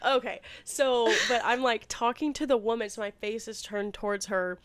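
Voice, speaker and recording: A young woman from the Midwest, co-hosting a podcast and telling a story in casual chat, animated and full of "like" and laughs. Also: a little high, normal speed, no echo. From Midwest, Missouri. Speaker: podcast co-host.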